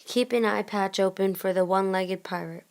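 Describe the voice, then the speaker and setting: A woman's voice: mid-range voice, normal speed, a little mellow, smooth, close to an everyday voice. Old drunk pirate, rude and demanding, read by a woman; storybook reading. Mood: gruff. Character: gruff old male drunk pirate seaman.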